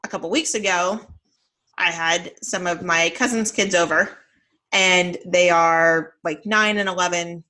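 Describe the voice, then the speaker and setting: Chatty bright-voiced woman podcast host. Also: on the low side, unhurried. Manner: chatty, animated storytelling with many fillers. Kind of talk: casual chat.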